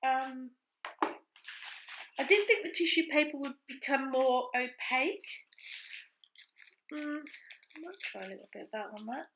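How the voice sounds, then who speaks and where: A woman's voice: high-pitched, measured pace, pauses often, noisy background. A woman in a casual crafting chat, thinking aloud as she works. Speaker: craft vlogger.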